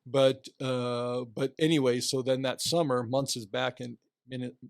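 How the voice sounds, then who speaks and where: An older man swaps stories in a relaxed podcast chat, lively, breaking into quick impressions of other people. His voice sits at a middle pitch, and the sound is close and dry with no room echo. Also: vocal fry. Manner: animated anecdotes, acts out quoted voices. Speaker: guest, retiring athletic director. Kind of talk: casual storytelling interview.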